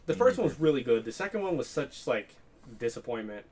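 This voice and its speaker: A young man talking fast in a loose movie chat with friends. His pitch jumps around a lot, and he swears freely and laughs easily. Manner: animated, swearing, laughs often.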